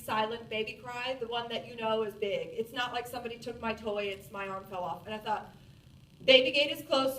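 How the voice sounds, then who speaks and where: High bright-voiced woman telling a funny story to a crowd, sounds kinda far off in a roomy hall. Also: slight background noise. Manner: animated, self-mocking storytelling. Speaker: speaker. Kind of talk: storytelling talk to an audience. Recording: roomy, distant from the mic.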